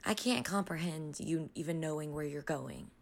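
Twenties woman host, lowish pitch, playful and quick with questions. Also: vocal fry. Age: 20s. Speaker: podcast host. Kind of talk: casual interview chat.

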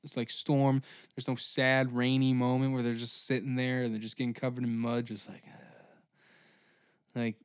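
A man hosting a comedy history podcast, ranting in a profane, animated way. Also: medium pitch, unhurried, clear, resonant tone, dry recording, studio quality. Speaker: podcast host.

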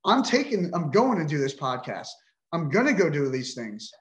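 A man's voice: fairly high pitch, very animated, normal speed, fairly bright tone, reverberant. A middle-aged man telling his own story on a podcast, emotional, frustrated and indignant, with frequent swearing. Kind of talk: emotional personal account.

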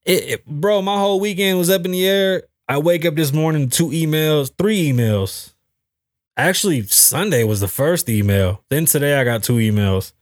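A man hosting his own podcast in a casual, profane, animated monologue, telling stories about his week. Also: a little high, moderate pace, no room sound, clean studio sound. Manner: animated, swears freely, tells stories with acted quotes. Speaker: podcast host. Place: home in Las Vegas.

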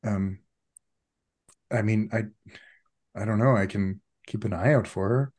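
A man narrating a tabletop role-playing game as game master, in a measured, deliberate way. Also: lowish voice, darkish tone.

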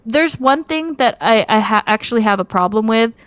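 A woman's voice: fairly high pitch, animated, moderate pace, a bit bright, dry recording. A woman reviewing a movie in casual chat, talking with many fillers and restarts. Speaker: podcast co-host.

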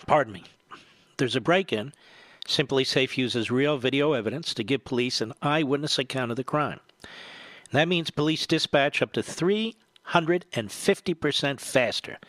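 A man's voice: medium pitch, fairly bright tone, dry recording. A man hosting a talk radio show, reading ads in an emphatic way while short of breath.

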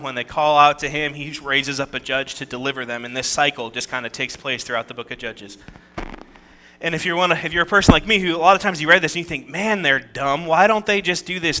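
A man with a very bright, forceful tone and a somewhat raised pitch preaches a casual sermon. He moves between reading scripture aloud and easygoing asides, tossing in jokes and rhetorical questions to his listeners. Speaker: pastor.

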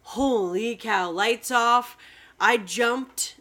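A woman in her thirties chatting on a podcast, emphatic and profane. Her voice sits a bit high for a woman. She talks with blunt, animated conviction. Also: extremely slow. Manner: emphatic, profane, often laughing. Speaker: podcast co-host. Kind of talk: casual chat.

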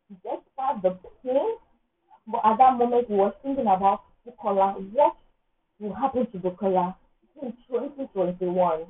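A woman, sharing an emotional personal testimony in an earnest, rambling way. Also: mid-range voice. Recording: tinny phone-like audio.

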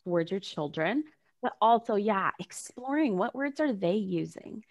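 A woman hosting a casual conversation, animated and chatty, laughing easily and leaning on "like" as a filler. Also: medium pitch, moderate pace. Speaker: podcast host.

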